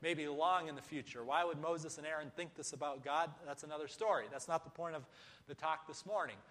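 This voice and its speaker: A man's voice: on the high side, a little fast, a bit bright. A man preaching a sermon, emphatic, with rhetorical questions and repetition. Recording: echoey hall.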